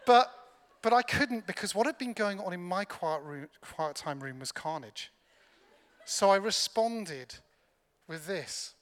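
High, bright-voiced preacher. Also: male voice, lively intonation, measured pace. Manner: humorous, self-deprecating storytelling. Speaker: pastor. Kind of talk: sermon. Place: large church hall. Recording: long hall reverb from a church.

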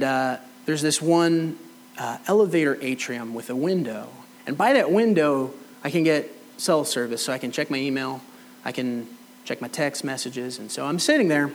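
Animated man preaching a sermon. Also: on the high side, low-quality recording. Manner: animated storyteller, acts out both sides of conversations. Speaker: pastor. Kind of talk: sermon with personal storytelling. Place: church hall.

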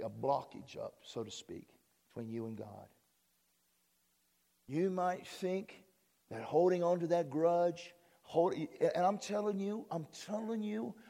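Man preaching, rising to loud bursts. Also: vocal fry. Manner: preaching with sudden rises in pitch and volume; folksy, conversational asides. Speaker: pastor. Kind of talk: sermon.

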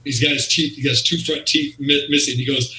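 During an interview, a man with a mid-range voice speaks briskly as he animatedly narrates a story, acting out the people in it and their quotes. He is a wrestling promoter, heard in a roomy recording from a distance.

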